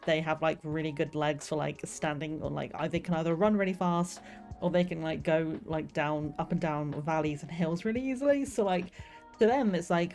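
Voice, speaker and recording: A woman's voice: low voice, normal speed, a little mellow. A young woman streamer chatting casually and rambling about the novel she is writing, with lots of fillers. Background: faint lofi music.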